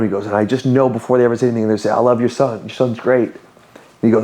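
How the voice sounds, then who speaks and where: This man's voice is lowish and fast as he tells personal stories on a podcast. In his 30s and a business owner, he's animated and candid in the casual interview, bringing in quoted voices as he narrates.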